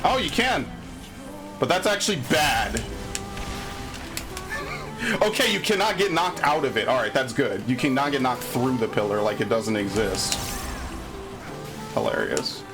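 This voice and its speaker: A man's voice: medium pitch, sing-song, measured pace, long pauses, music in the background. A man streaming a game live, commenting as he plays, swearing freely and griping sarcastically about his bad luck. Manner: profane, easily frustrated, sarcastic.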